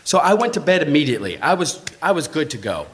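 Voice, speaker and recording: A man telling a true personal story live on stage, in casual, swearing talk, acting out the voices of the people in it. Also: fast talker. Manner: animated, acts out quoted voices with big pitch jumps; swearing, conversational, frequent "like".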